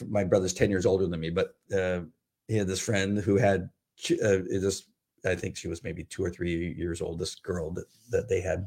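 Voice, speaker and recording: A man co-hosting a faith podcast, chatting casually and telling rambling, jokey stories in a loud, booming voice. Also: gravelly, breathy edge. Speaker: podcast co-host. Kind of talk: casual chat.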